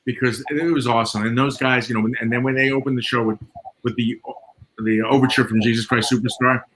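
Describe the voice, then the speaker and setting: Male guest, a sound engineer spinning lively anecdotes over audible background noise. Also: medium pitch, fast talker, low-quality recording. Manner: animated storyteller, acts out quoted dialogue. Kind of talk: storytelling in casual chat.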